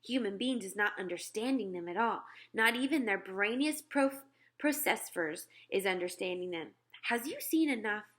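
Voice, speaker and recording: A woman voicing a big, kindly male giant who speaks with mangled grammar in a gentle, folksy way. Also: mid-range voice, lively intonation, moderate pace, lightly acted. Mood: musing.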